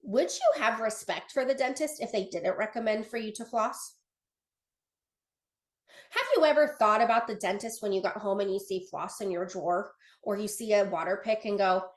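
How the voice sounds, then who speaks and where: A woman's voice: mid-range voice, moderate pace. A young adult woman giving a casual sales training talk over a video call, chatty and earnest, with many fillers and restarts as she reads from her notes.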